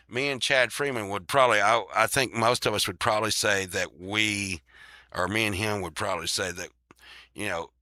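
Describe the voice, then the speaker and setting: A man's voice: on the low side, sharp tone, dry recording. A man hosting a show in casual chat, rambling, swearing freely and laughing often.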